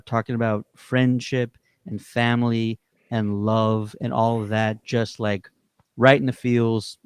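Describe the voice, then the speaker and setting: A man's voice: mid-range voice, smooth, dry recording. A man hosting a livestream interview, enthusiastic as he reads viewer questions on a video call. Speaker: streaming show co-host.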